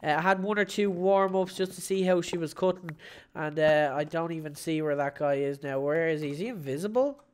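A woman hosting her gaming channel, giving live gameplay commentary in an excitable, playful way, shouting at big moments. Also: low voice, fairly quick, clean tone.

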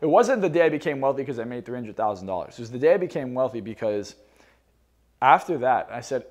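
A man's voice: medium pitch, lively intonation, fairly quick, darkish tone. A young man and motivational speaker telling a personal story in a casual, candid way, with frequent fillers and restarts.

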